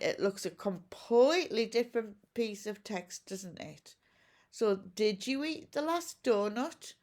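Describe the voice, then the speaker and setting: A woman teacher talks through a recorded lesson for children at home. She speaks slowly and patiently, asking questions and explaining each step. Her voice sits a little high. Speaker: primary school teacher.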